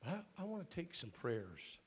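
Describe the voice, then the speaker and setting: A man's voice: mid-range voice, big pitch swings, moderate pace, breathy edge. An older man with a Southern accent preaching a sermon in a folksy, joking way. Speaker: bishop preaching.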